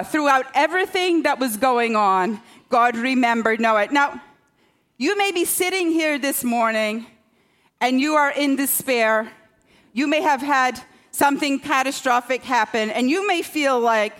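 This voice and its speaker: A woman's voice: sits high, animated, unhurried, a bit bright. A woman pastor preaching a sermon in a conversational, self-deprecating way, often checking in with the congregation. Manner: conversational, self-deprecating humor, rhetorical "okay?".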